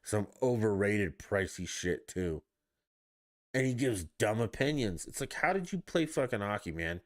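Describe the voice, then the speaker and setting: A man with a lowish voice hosts his own podcast, ranting on his own about sports. He sounds fed up and swears freely as he goes on. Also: animated, measured pace. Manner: ranting, profane, exasperated. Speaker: podcast host. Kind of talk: solo sports rant podcast.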